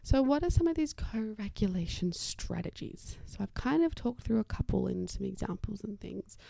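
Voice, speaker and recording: Gravelly, mellow-voiced woman podcaster. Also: mid-range voice, expressive, normal speed, dry recording. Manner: chatty and reassuring, often dropping to a soft whisper. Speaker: occupational therapist podcast host. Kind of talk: solo podcast explaining parenting strategies.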